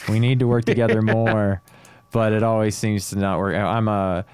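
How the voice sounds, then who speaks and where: A man working as an audio engineer, chatting casually in a laid-back way, swearing often and getting animated when he quotes people. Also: fairly low pitch, normal speed, smooth, no echo. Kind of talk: casual chat.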